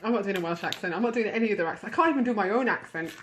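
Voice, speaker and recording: A woman's voice: medium pitch, animated, rapid-fire, slight background noise. A woman co-hosting a live stream, teasing her partner and laughing often. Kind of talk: live sales stream chat.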